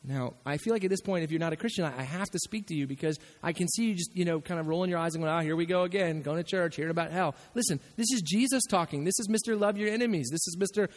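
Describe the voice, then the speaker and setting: High-voiced pastor preaching in a hall. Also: male voice, very fast, few pauses. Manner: animated, acts out quoted voices. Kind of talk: sermon.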